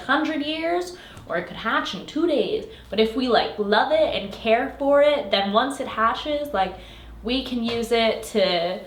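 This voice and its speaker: Recapping a fantasy novel for a review, a young book reviewer speaks in a fairly high, slightly bright voice. She's casual, sarcastic and exasperated, filling her speech with lots of "like." The recording has an echoey room sound.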